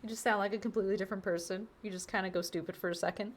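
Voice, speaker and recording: A woman's voice: medium pitch, fairly even intonation, rapid-fire, a little hiss or hum. A woman chatting casually on a live game stream through a wireless headset, bubbly and talkative, cooing now and then at her pet.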